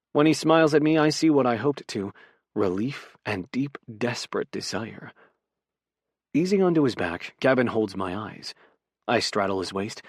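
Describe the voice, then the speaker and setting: Soft-spoken man narrating intimately. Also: on the low side, no room sound, studio quality. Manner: soft, intimate, unhurried reading. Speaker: audiobook narrator. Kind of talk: first-person romance narration.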